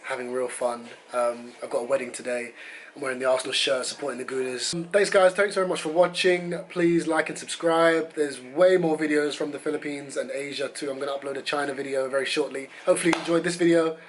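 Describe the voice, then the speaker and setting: A man vlogger telling a story to camera in a casual, animated, profane and self-mocking way. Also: medium pitch, quick pace, slight background noise. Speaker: travel vlogger.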